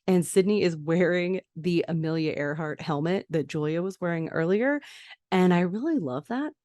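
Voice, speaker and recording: Low-voiced chatty woman podcast host. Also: normal speed, darkish tone, no room sound, clean studio sound. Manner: chatty, many "like" fillers, frequent laughs. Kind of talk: casual TV episode recap.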